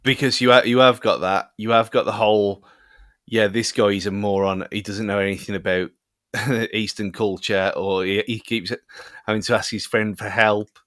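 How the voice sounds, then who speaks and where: A man's voice: lowish voice, fairly even intonation, moderate pace, a bit bright, no room sound, clean studio sound. A man co-hosting a podcast, chatting about a film in a rambling way with frequent restarts. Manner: rambling, many restarts and fillers. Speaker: podcast co-host. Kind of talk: casual film review chat.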